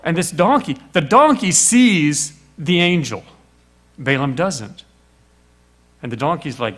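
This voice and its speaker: A man's voice: fairly high pitch, lively intonation, slow, long pauses, a bit bright. A middle-aged man preaching a sermon, telling the story with little acted voices and rhetorical questions.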